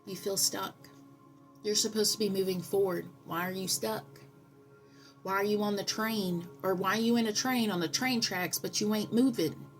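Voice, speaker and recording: A woman giving a spiritual tarot reading, earnest and preachy, telling stories with dramatic pauses and repeating affirmations. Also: mid-range voice, fairly even intonation, faint music behind. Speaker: tarot reader.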